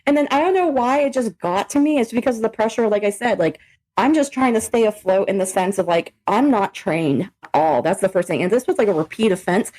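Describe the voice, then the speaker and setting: A young woman co-hosting a podcast, telling stories in a profane, animated, casual way. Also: mid-range voice, a little fast, rough recording. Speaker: podcast co-host. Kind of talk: casual chat.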